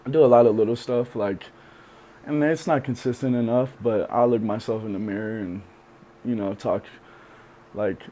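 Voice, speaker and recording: A young man being interviewed on a podcast, speaking candidly and reflectively, with many pauses and fillers. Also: mid-range voice, dark tone, a little hiss or hum. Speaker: podcast guest.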